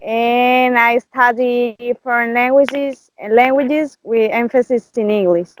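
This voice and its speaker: A young woman from Colombia, a student introducing herself slowly and carefully. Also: on the high side, fairly even intonation, a little hiss or hum, poor audio. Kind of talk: class self-introduction.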